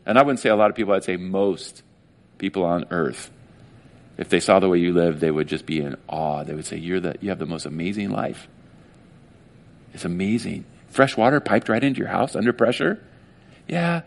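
A male pastor with a low voice preaches a casual sermon at a fairly quick pace. He's animated and conversational, often acting out little quoted voices.

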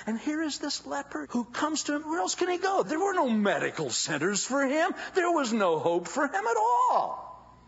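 A man preaching a sermon as a dramatic, animated storyteller with folksy asides, in a dull lo-fi recording. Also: very high-pitched, moderate pace, creaky, a little hiss or hum.

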